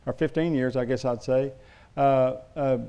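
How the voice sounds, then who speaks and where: A man's voice: medium pitch, fairly even intonation, moderate pace, mellow, clean tone. A middle-aged male pastor preaching a sermon, telling stories in a loose, rambling way with restarts.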